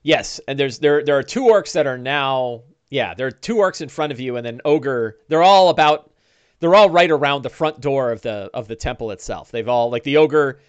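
A man's voice: mid-range voice, normal speed, clear, resonant tone, no echo. Man narrating as dungeon master, dry sound. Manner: animated, lots of uh fillers. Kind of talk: narrating a tabletop game.

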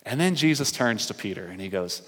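A man's voice: fairly low pitch, lively intonation, a little fast, a bit bright. A male pastor preaching a sermon, telling the story and acting out the characters' lines. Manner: storytelling preacher who acts out the characters' dialogue. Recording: long hall reverb.

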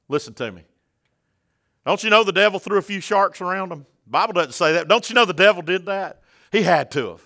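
A man preaches, his voice bright and forceful and pitched a little high. He calls out to the congregation and climbs in pitch and force as his sermon builds. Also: animated, fairly quick. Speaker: pastor.

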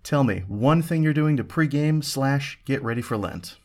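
A man's voice: medium pitch, lively intonation, normal speed, darkish tone. A man hosting a casual food review podcast, playful and theatrical, full of puns. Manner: playful, punning, theatrical storytelling. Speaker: podcast host.

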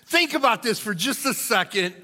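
Brief: male pastor, bright, fairly high voice, hoarse, folksy sermon delivery in a reverberant sanctuary. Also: expressive, moderate pace. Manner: folksy, conversational, storytelling. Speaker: lead pastor. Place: church sanctuary. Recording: long reverb of a church hall.

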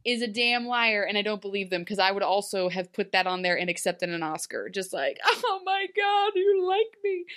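A woman in her thirties co-hosting a casual recap chat, animated and laughing often as she acts out scenes. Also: medium pitch, a little fast, few pauses, clean tone. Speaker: podcast co-host.

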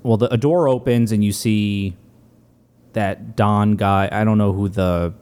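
A man casually recapping movie scenes in a relaxed way, with plenty of fillers. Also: fairly low pitch, measured pace, clear, resonant tone.

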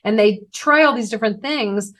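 A woman's voice: a little high, moderate pace, a bit bright. Enthusiastic woman podcast host. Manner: enthusiastic, long explanatory turns. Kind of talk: casual interview.

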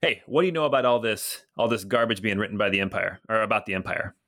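A brusque imperial soldier on patrol, firing off suspicious questions, as the game master puts him on. The voice is fairly low. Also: male voice, animated, fast, sharp tone.

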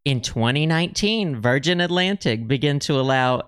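Male podcast host, casual and rambling, smooth voice. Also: on the high side, expressive, normal speed, fairly bright tone, no echo, clean studio sound. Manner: chatty, rambling, reads facts aloud with many ums. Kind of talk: casual chat.

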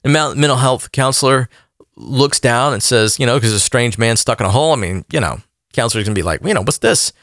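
A podcast host telling a story in a casual, rambling monologue. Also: male voice, medium pitch, fast, no echo, studio quality. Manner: animated, rambling with fillers.

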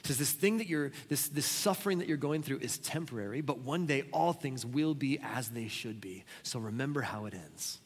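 A man preaching a sermon as pastor, telling stories with sudden loud exclamations. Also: mid-range voice, expressive, moderate pace, hardly any pauses, slightly rough. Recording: long reverb of a large hall.

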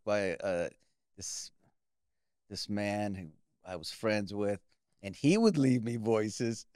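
A middle-aged man hosting a casual conversation, playful and expressive as he tells his own stories. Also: on the low side, takes it slowly, no echo, clean studio sound. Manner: expressive, playful, earnest asides. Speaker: podcast host.

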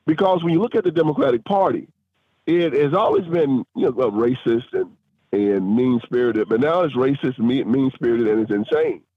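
A man's voice: mid-range voice, animated, normal speed, husky, no room sound. A man being interviewed as a guest author and filmmaker, speaking emphatically and rising into preacher-like force. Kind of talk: interview over a phone line. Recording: tinny dry phone line.

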